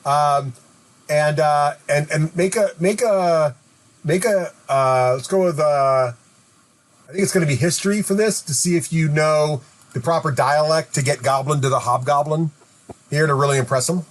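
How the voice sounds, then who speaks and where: A man serves as dungeon master at a tabletop game. His voice sits a little high. He talks casually and hesitantly, filling gaps with lots of little pauses. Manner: casual, hesitant with many fillers.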